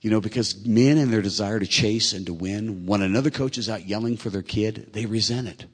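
A middle-aged man preaches with a low, husky voice, telling a personal story with earnest emotion. He builds from quiet, tender passages to loud, pressing peaks. His voice rings with the long reverb of a large hall. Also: brisk. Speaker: preacher and track coach.

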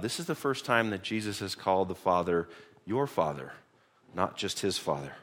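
A man's voice: low-pitched, moderate pace, a bit bright. A man, a pastor, teaching through a Bible passage in a conversational sermon, often repeating words as he restarts. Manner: conversational, repeats words when restarting, reads scripture aloud.

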